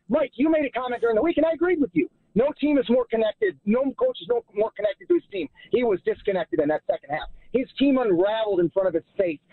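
A man calling into a sports radio show over a phone line, ranting in a heated, argumentative way. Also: extremely high pitch. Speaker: caller. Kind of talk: sports radio call-in rant.

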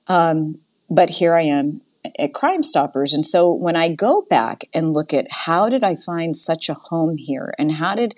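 A woman from the Boston area with a low voice speaks in a casual interview. She tells stories with animated energy, laughs easily and slips into quoted dialogue. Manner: animated storyteller, quick laughs, acts out quoted lines. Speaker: guest, nonprofit CEO.

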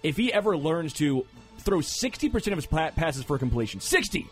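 A man hosting a sports talk show, making picks and teasing his co-hosts with animated, excitable banter. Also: medium pitch.

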